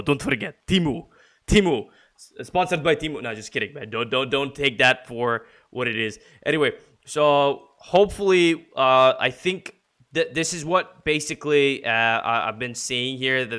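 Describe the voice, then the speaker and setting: A man's voice: medium pitch, pushed and bright, clean tone. Jokey, rambling male game streamer. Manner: rambling, jokey, laughs often. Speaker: streamer casting a tournament. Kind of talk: casual live game commentary. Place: home.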